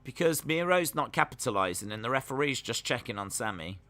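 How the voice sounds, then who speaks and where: A man's voice: mid-range voice, animated, brisk, bright, forceful tone. A young man hosting a live stream, casually reacting to a wrestling show and reading chat messages aloud. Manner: chatty, jokey, talks to chat while watching.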